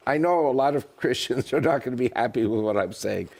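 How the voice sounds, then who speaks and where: A man's voice: mid-range voice, fairly quick, creaky. A man talking as a guest in a casual interview, telling jokes and stories. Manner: animated, joking storyteller. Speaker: guest speaker.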